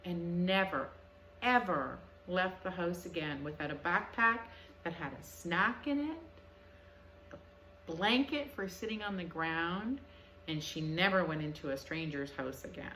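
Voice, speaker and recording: A woman telling a children's story in an animated, expressive way. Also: lowish voice, measured pace, background noise. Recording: echoey room.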